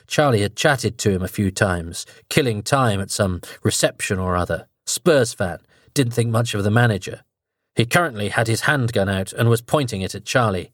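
Male narrator, low voice, dry close recording, measured and dramatic story read. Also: no echo.

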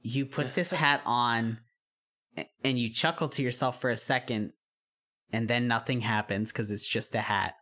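A woman running a tabletop game as game master, casual and quick to laugh, saying "y'all". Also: extremely low pitch, a bit bright.

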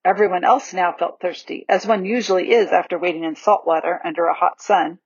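A woman narrating a children's storybook aloud with an expressive, varied delivery, on a dull lo-fi recording. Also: fairly low pitch, brisk, slightly rough, no room sound. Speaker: audiobook reader.

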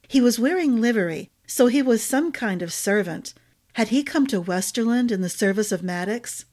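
A woman narrating a fantasy novel chapter in a calm, measured storytelling voice. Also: medium pitch.

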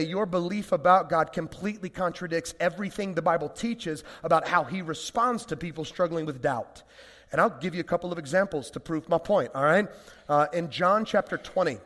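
Male pastor, sermon, fairly high voice, conversational, animated, long hall reverb. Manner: conversational, animated preaching with rhetorical questions.

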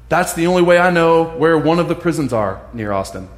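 A man preaches in a casual, conversational way, his slightly high voice jumping into acted-out voices. The sound carries a roomy echo. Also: a little fast. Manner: animated, acts out voices of others. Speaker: pastor. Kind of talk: casual sermon. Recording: echoey room.

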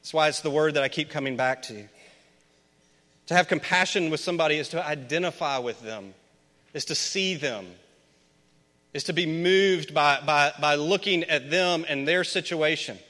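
A man from Memphis with a somewhat high, bright, forceful voice preaches a chatty sermon. He keeps asking the congregation questions, and his words ring out with a long reverb across a big church hall. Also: normal speed. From Memphis, USA. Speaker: pastor. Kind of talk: conversational sermon.

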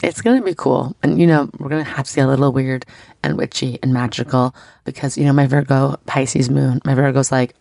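A woman's voice: extremely low pitch, fairly quick, vocal fry, a little mellow, no echo. A woman hosting an astrology podcast in casual, effusive chat, her voice a little scratchy today. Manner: bubbly, effusive, chatty.

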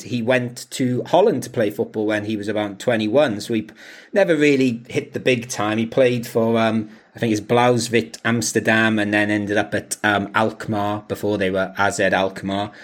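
In casual podcast chatter, this co-host speaks with a lowish voice, fairly even intonation, and moderate pace. He rambles, fills gaps with fillers, restarts himself a lot, and laughs often.

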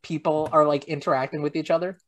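A man's voice: a little high, steady tone, quick pace, a bit bright, no echo. A young man hosting a casual podcast, rambling and hesitant, poking fun at himself. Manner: rambling, hesitant, self-deprecating. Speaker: podcast host. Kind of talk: casual chat.

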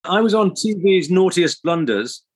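A man, an actor guest, telling animated anecdotes. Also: sits high, a little slow, slightly rough. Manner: animated storyteller. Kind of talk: casual anecdote.

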